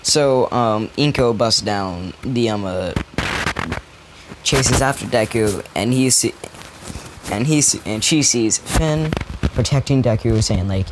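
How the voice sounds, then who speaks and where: Young man, casual storyteller, slangy and halting, noisy mic. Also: mid-range voice. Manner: loose, slangy, halting with fillers and restarts.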